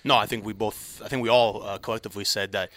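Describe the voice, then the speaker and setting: A man co-hosting a podcast in casual sports chat, talking hesitantly with many pauses and restarts. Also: fairly low pitch, steady tone, sharp tone, slight background noise. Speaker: podcast co-host.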